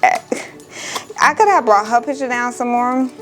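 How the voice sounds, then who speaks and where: A woman's voice: fairly high pitch, a little slow, fairly bright tone, faint music behind, poor audio. A young woman from Miami, a crafting vlogger, chatting casually and emotionally to her viewers, exclaiming often and calling them y'all.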